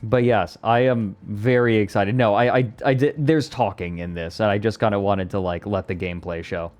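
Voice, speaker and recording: A man streamer in casual live chat, excitable and prone to repeating words in quick bursts. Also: on the low side.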